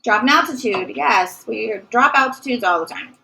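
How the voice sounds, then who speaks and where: Woman math teacher, high bright voice, asks and answers her own questions. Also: expressive, moderate pace, gravelly, rough recording. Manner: asks questions and answers them herself, praising. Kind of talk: recorded classroom math lesson.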